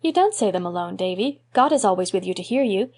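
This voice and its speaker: Narrator doing a soft-spoken kind young woman from a storybook, patient and gentle. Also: mid-range voice, expressive, fast.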